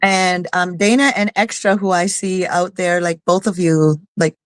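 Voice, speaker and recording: A woman's voice: lowish voice, steady tone, normal speed, dry recording. A woman hosting a casual online radio chat, blunt and salty-humored. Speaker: host.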